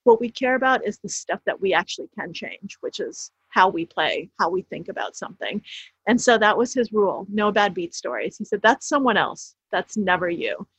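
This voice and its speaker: A woman author, speaking as an interview guest, presses her points emphatically and keeps restarting phrases. She sounds animated and fairly quick, medium-pitched with a breathy edge, in a dry, dull, slightly lo-fi recording.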